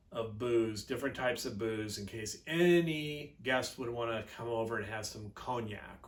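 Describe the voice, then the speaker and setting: A man's voice: medium pitch, a bit bright. A middle-aged man telling a personal story from his youth in a chatty, rambling way, with fillers and self-corrections.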